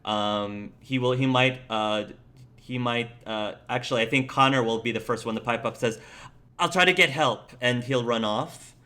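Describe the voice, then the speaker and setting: A young man in a mid-pitched voice narrates a tabletop game as its game master. He talks casually and loosely, with plenty of fillers. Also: level tone, normal speed, pushed and bright.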